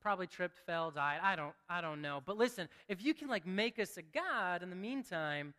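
A preacher mimics a careless ancient crowd, offhand and shrugging. His voice is high and bright. The words ring in a long hall reverb. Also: animated, moderate pace. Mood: flippant.

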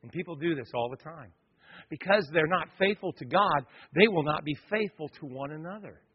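A man's voice: on the high side, lively intonation, normal speed, husky, dull audio. A man preaching a sermon, telling personal stories with joking asides to the congregation. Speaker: pastor.

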